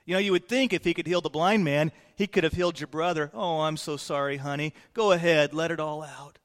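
A man's voice: on the high side, fairly even intonation, fairly quick, lightly acted. A man voicing a two-faced mourner who offers syrupy fake sympathy while spreading gossip. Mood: falsely consoling. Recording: long hall reverb.

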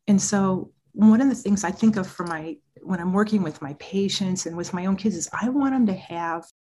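A woman speaking as a child therapist and parent coach in an interview, talking in an animated, earnest and emphatic way. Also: medium pitch. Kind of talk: interview conversation.

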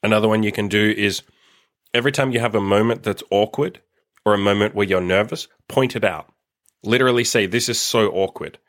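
A man's voice: on the low side, fairly quick. A young man hosting a casual solo dating podcast, blunt and swearing freely as he acts out bits of conversation. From Australia. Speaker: dating coach podcast host.

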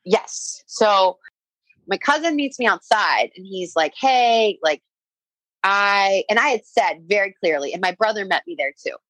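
A woman's voice: medium pitch, animated, normal speed, fairly bright tone, husky, no room sound, rough recording. A young adult woman telling a personal story in casual conversation, full of "like" fillers and quoting what others said.

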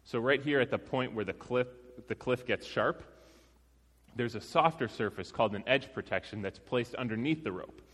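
A male preacher tells his story like a chat with friends, relaxed and self-deprecating, before he turns to the text. His voice sits in a middle pitch. A long reverb from a large church hall trails behind every line. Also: normal speed. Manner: conversational, self-deprecating, with laughs. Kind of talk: sermon with personal story.

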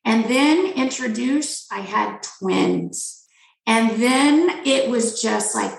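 Gravelly, lively-voiced woman telling her story. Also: fairly high pitch, slow. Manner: frank, animated, emphatic repetition. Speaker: physician guest. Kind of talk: candid personal storytelling. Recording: roomy echo.

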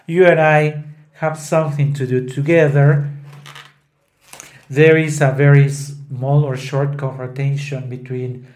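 Slow-talking man explaining opera. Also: mid-range voice, warm tone. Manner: loose, with many fillers, quoting lines in Italian and English. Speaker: podcast host explaining an opera. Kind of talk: informal lesson, retelling scenes. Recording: roomy echo.

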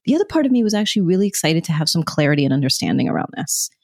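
Brief: a woman co-host with a fairly low voice, expressive and animated as she tells stories, recorded dry. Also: very fast, vocal fry, no echo. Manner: expressive, acts out remembered dialogue. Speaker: podcast co-host. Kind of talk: personal conversational storytelling.

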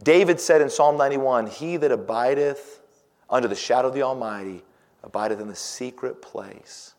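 A middle-aged pastor preaches with a voice of ordinary male pitch, pressing hard on key words and then dropping low and hushed. His scripture quotes come in old-fashioned wording. The sound rings with a long reverb, as in a large hall. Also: moderate pace. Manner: dramatic swings from loud emphasis to hushed near-whisper. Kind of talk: sermon.

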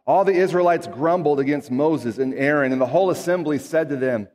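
A man's voice: a little high, a little fast, hardly any pauses, a little mellow, big-room sound. A man reading scripture aloud and then preaching in an earnest, conversational way with emphatic asides. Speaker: pastor.

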